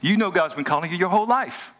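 A man preaching a lively, joking sermon in casual everyday speech and talking back and forth with a live audience. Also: sits high, fast talker. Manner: animated, joking, colloquial, talks with the audience. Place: hotel event room before a live audience.

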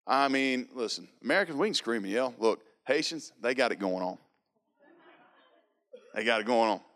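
A man's voice: medium pitch, lively intonation, normal speed, a bit bright. A man preaching, telling a personal testimony emphatically, with lots of repetition. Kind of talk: sermon testimony.

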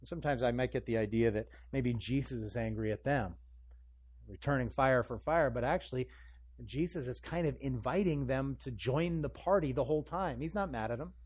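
A man preaching a sermon in an animated way, acting out scripture voices with rising emphasis. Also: medium pitch, moderate pace, breathy edge. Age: adult parent. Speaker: pastor.

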